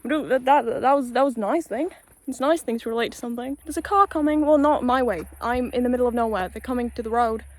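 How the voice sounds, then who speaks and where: A woman's voice: fairly high pitch, fast talker. Chatty young Polish woman with British-tinged English. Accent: British-tinged English with a Polish background. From Poland. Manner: chatty, loose and sweary, with frequent "like" fillers. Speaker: vlogger. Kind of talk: casual rambling vlog. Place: outdoors on a quiet rural road. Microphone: handheld phone while walking.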